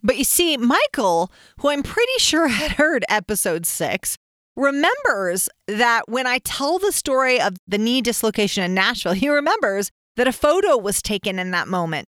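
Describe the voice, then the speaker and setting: A woman host telling a personal story in a casual, animated way. She laughs often and acts out the shouts of other people. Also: on the high side, moderate pace, no echo, studio quality.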